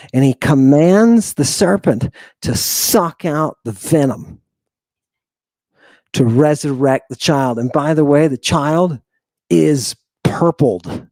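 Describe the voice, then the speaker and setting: A man's voice: on the high side, expressive, takes it slowly, mellow, dry recording. A man hosting a livestream lecture, emphatic and sighing often, breaking into asides and checking that his audience understands. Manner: emphatic, keeps asking the audience if they understand. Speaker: host.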